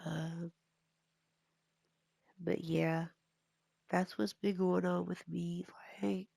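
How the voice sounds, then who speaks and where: Stuffy-nosed woman host of a gaming channel, slow and gravelly, casual rambling commentary. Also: lowish voice, no room sound. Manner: rambling, relaxed, with fillers. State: stuffy nose. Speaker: gaming YouTuber.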